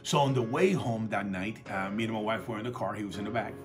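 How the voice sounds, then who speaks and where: A man preaching a sermon in a relaxed, conversational way, telling stories and acting out the dialogue. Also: fairly low pitch, quick pace, music in the background. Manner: calls for audience responses. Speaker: pastor.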